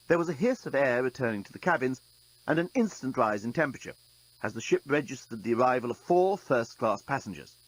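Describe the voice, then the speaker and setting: Man reading an audiobook, husky voice, lots of rise and fall, dry wry delivery. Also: medium pitch, very animated, brisk, rough recording. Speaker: narrator. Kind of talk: audiobook narration.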